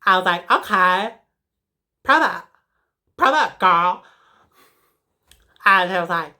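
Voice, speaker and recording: Woman playing a dramatic teen schoolgirl, rambly, filler-heavy, slow deliberate delivery, forceful bright tone. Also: on the low side, expressive, exaggerated voice. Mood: indignant. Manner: rambling, peppered with "like", emotional. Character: sassy, dramatic teenage schoolgirl. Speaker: comedic character. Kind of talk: comedic character monologue.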